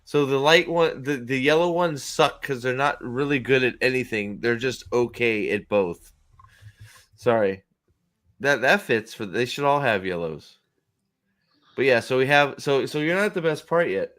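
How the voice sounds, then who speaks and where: A man's voice: mid-range voice, normal speed, fairly bright tone. A man hosting casual reaction commentary on video clips, rambling and joking crudely. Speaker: host.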